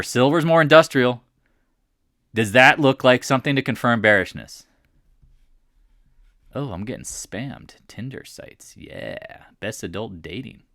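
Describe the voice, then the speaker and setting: A man's voice: mid-range voice, fairly bright tone, dry recording, clean studio sound. A man walking through stock charts in casual commentary, blunt and mocking, firing off rhetorical questions. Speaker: market commentator.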